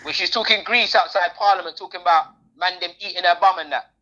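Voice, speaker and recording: Woman ranting fast on a podcast, bright voice, dull lo-fi recording. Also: fairly low pitch. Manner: animated, opinionated, slangy. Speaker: podcast co-host. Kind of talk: casual chat. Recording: dull lo-fi sound.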